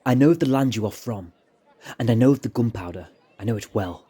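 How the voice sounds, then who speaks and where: A man's voice: mid-range voice, brisk, warm tone, slightly rough, lightly acted. A man voicing a sly, charming male plotter with a raised, theatrical delivery. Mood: urgent.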